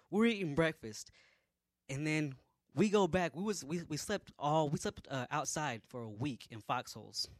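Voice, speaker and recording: Animated young man telling a story. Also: dry recording. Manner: animated, swings from low mutters to loud exclamations. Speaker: army private recounting training. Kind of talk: casual personal storytelling.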